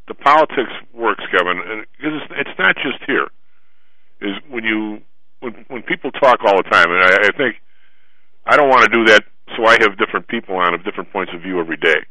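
Bright-voiced radio talk show host. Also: male voice, deep voice, no echo, low-quality recording. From Chicago. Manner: rambling, self-interrupting.

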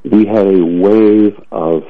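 A man's voice: on the low side, steady tone, slow pace. A man giving emphatic, opinionated commentary on talk radio, often repeating words as he starts a thought, heard over a tinny phone-like line.

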